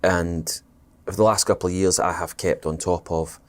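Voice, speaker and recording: Scottish man, very deep voice, rambling, thoughtful, lots of ums. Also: fairly even intonation, moderate pace. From Scotland. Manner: thoughtful and rambling, with fillers and restarts. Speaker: actor guest. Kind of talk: casual podcast interview.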